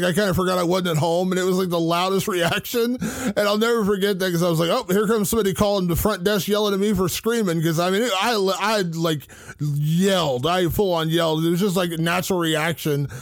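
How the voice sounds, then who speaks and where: A man with a fairly high voice talks in a chatty, animated way, filling his sentences with "like" and "you know". The sound is dry and close, with little room echo. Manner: chatty, animated, heavy use of "like". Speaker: co-host, reporter. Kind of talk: casual podcast chat.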